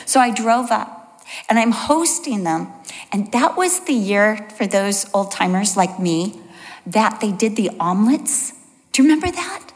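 A middle-aged woman, a Bible teacher, giving a conversational sermon to an audience and telling stories in a chatty, animated way. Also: on the high side. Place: large hall before an audience. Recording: long reverb of a large hall.

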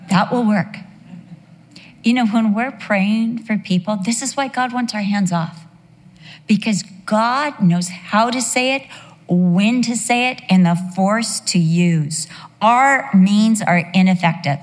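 A woman's voice: medium pitch, a little slow. A middle-aged woman pastor preaching a sermon with humor, acting out the voices in her stories. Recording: long reverb of a large hall.

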